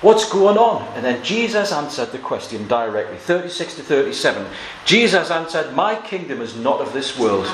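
A man's voice: mid-range voice, sing-song, normal speed, a bit bright. A man preaching an expository sermon, reading scripture aloud and explaining it verse by verse. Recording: echoey room with faint noise.

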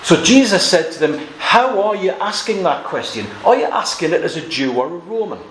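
A man's voice: sits high, sing-song, moderate pace, a bit bright. A man preaching an expository sermon, reading scripture aloud and explaining it verse by verse. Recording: echoey room with faint noise.

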